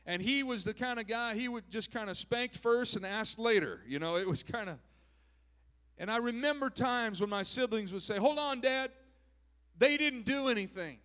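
Male pastor from Minnesota with a resonant, fairly high voice, delivers a joking, homey sermon. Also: normal speed, bright, forceful tone. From southern Minnesota, US. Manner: folksy and joking, peppers speech with "praise God" and "amen".

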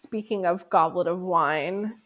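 A woman's voice: fairly low pitch, unhurried, fairly bright tone. A woman co-hosting a podcast in a casual book discussion, quoting passages and chiming in with her own comments. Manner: chatty, quotes the book and cuts in with comments. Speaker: podcast co-host.

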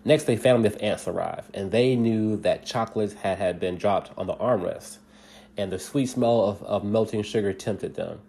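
A man casually reading a bedtime story aloud, halting and restarting often and laughing at himself along the way. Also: fairly low pitch, mellow, slightly rough.

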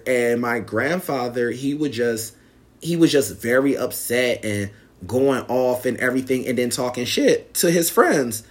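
A man's voice: medium pitch, a little slow. A young man casually telling a personal story to viewers, acting out the quoted lines in a raised voice. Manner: animated, acts out quotes in raised voice.

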